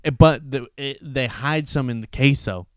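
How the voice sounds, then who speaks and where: Guy on a podcast, smooth voice, stop-start joking, dead dry. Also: mid-range voice, no echo. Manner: joking, halting with restarts. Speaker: podcast co-host. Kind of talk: casual chat.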